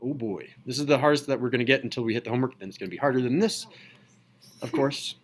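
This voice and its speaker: A male math teacher lecturing a classroom with eager energy, his mid-pitched voice climbing when he hits a key point. He keeps asking students questions as he works through the board. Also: quick pace, a little hiss or hum. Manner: enthusiastic, asks students questions. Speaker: high school math teacher.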